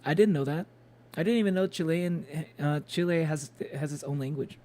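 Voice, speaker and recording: Streaming a game, a man with a slightly high, mellow voice chats casually at a normal speed. He rambles, using plenty of fillers and restarts, and chuckles often.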